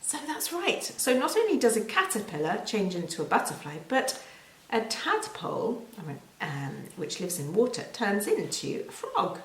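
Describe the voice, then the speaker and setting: A woman teaching a children's language lesson in a slow, clear and playful way, with repeated words and sound effects. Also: medium pitch, huge pitch swings, a bit bright. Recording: roomy echo.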